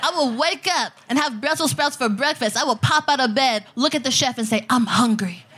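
Brash, bright-voiced woman doing stand-up. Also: sits high, a little fast, slight background noise. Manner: brash, crude, animated, mocking voices of others. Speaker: stand-up comedian. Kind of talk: live stand-up set. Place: outdoor festival stage.

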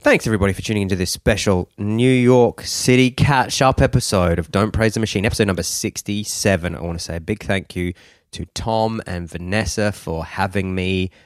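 A man hosting a podcast, chatting casually and telling stories at an unhurried, drawn-out pace with plenty of fillers. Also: on the low side, no echo, studio quality. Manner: laid-back, drawn-out storytelling with lots of fillers. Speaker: podcast host. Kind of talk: casual chat.

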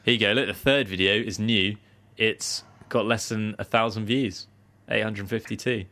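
A man's voice: on the low side, fairly even intonation, moderate pace, bright, forceful tone. Dry, teasing male podcast host. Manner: dry, teasing, laughs often. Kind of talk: casual podcast chat.

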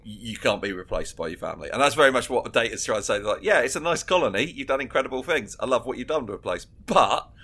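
A man's voice: mid-range voice, animated, quick pace, hardly any pauses, sharp tone, husky. A man co-hosting a casual podcast chat, laughing often and acting out scenes as he retells them. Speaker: podcast co-host.

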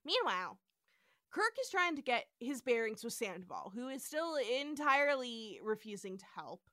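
A woman co-hosting a podcast, casually recapping an episode in an animated way, acting out quoted lines and swearing now and then. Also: a little high, normal speed, dry recording, studio quality. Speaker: podcast co-host.

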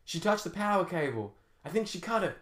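A man voicing an angry, crude male rifleman guard in an audiobook, yelling his accusations in a raised voice with a roomy echo. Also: sits high, very animated, a little fast, voice pushed up.

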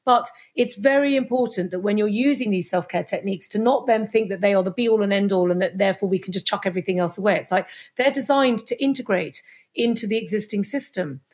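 A woman speaking as a podcast guest on Chinese medicine, animated and acting out little scenes in other voices. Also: mid-range voice, fast talker. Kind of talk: podcast interview.

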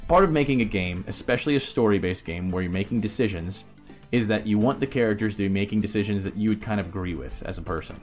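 A man co-hosting a casual gaming podcast, rambling on in an animated way and laughing often as he talks. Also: on the low side, quick pace, faint music behind. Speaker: podcast co-host. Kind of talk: casual chat.

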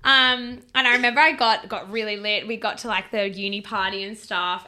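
A young woman, telling a story in a casual chat, animated and laughing as she swears. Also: medium pitch, a little fast, few pauses. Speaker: podcast co-host.

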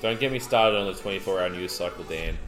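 Young male co-host, lively jokey storyteller, echoey room with faint music. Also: deep voice, fast. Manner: animated, jokey, swears freely. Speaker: podcast co-host. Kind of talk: casual storytelling chat.

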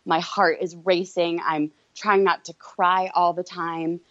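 A woman guest telling her story in a candid, quick-talking way. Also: fairly low pitch, flat delivery, a bit bright, no room sound. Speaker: guest entrepreneur. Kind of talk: casual interview chat. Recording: dull lo-fi recording.

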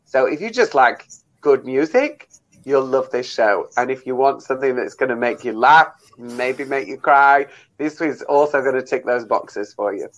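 A stage actor as a guest on a radio chat, talking casually and with enthusiasm, with many fillers. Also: male voice, mid-range voice, normal speed, fairly bright tone, low-quality recording.

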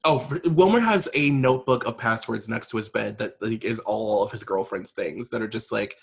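A man's voice: lowish voice, normal speed, gravelly, breathy edge. A man co-hosting a podcast, rambling sarcastically about celebrity gossip, swearing and saying "like" often. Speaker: podcast co-host. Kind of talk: casual gossip chat.

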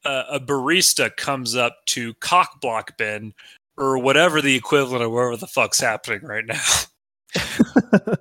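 A man co-hosting a comedy podcast with a piercingly bright, sharp voice. He talks crude and teasing, in a joking chat. The sound is dry and close. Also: mid-range voice, animated, a little slow, no echo. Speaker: podcast co-host.

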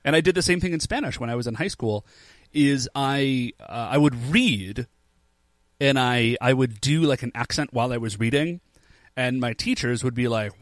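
A young man with a mid-range voice talks at a normal speed as a podcast co-host. His casual chat is easygoing and full of "like," captured in a dry recording.

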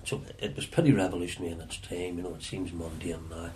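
A Northern Irish man with a very low voice recalls his past in an unhurried interview. He often halts and repeats words as he feels his way. Faint noise sits under his speech. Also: steady tone, warm tone. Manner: halting, repeats words as he searches for them. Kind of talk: reflective storytelling.

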